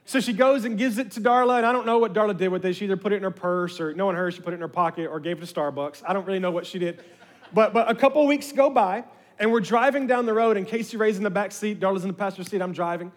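Delivering a sermon full of stories, this pastor is animated with his congregation and pulls them in. He talks fast in a high-sitting voice, with the sound of a large room.

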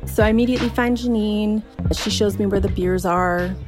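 A woman telling a true spooky story in the first person, in a relaxed, conversational way with casual fillers. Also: medium pitch, normal speed, music in the background.

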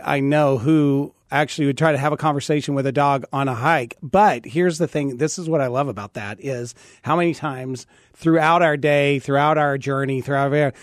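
A man's voice: on the high side, dry recording, clean studio sound. A man hosting a conversational faith talk show, affirming his guest and often restarting his sentences. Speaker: host.

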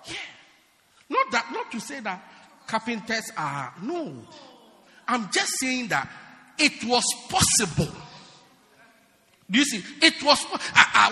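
A man preaching a sermon in a church, animated and teasing, often shouting and then dropping low. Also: slow, long pauses. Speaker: pastor. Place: church hall. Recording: long hall reverb.

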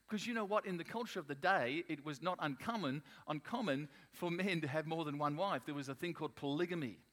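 A male pastor preaching a sermon in an animated, emphatic way, often restarting his sentences. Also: fairly high pitch, quick pace, hardly any pauses.

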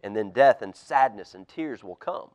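A man voicing God as a gentle, warning father figure in an earnest, measured tone. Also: lowish voice, lively intonation, no echo, voice pushed down, natural voice.

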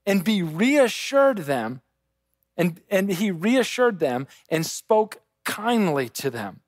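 A man preaching a sermon, swinging between quiet intensity and raised urgency. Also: high voice, big pitch swings, slow pace, no echo. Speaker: pastor.

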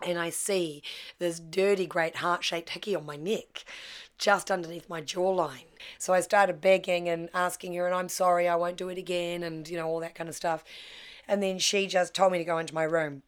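A woman, telling her life story in a candid, heartfelt way with halting restarts. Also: on the low side, steady tone, clean tone. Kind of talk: personal storytelling.

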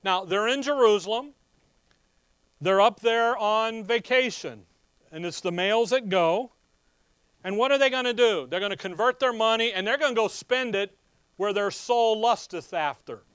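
High-voiced folksy preacher. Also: male voice, normal speed, smooth, no echo, clean studio sound. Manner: folksy, animated Bible teaching with scripture readings. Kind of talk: sermon.

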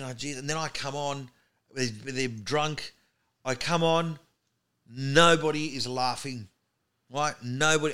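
A comedian telling animated stories as a podcast guest in a studio. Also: male voice, mid-range voice, clear, resonant tone. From Australia. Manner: animated anecdote teller. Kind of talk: storytelling in podcast chat.

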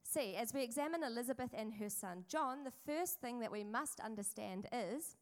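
A woman's voice: on the high side, expressive, moderate pace. A woman, preaching a sermon in a chatty storytelling way with asides to the congregation. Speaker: pastor.

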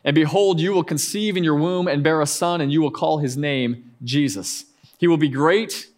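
A man in his thirties, a pastor preaching a conversational sermon with frequent asides and restarts. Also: on the high side.

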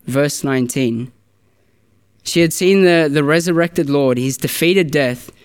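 Guy giving a church sermon, earnest, chatty, restarts a lot, smooth clear voice. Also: on the high side, a little slow. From Australia. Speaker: preacher.

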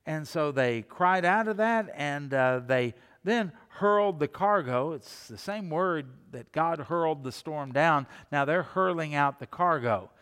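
A man preaching a sermon as pastor, expressive, repeating phrases and dropping his voice low and soft to stress a point. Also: measured pace, few pauses, smooth. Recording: long reverb of a large hall.

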